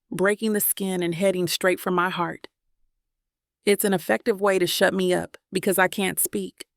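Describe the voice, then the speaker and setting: A woman's voice: on the low side, gravelly, no echo, studio quality. A woman narrating a first-person romance audiobook, reading dramatically. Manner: dramatic, voices characters' lines with emotion.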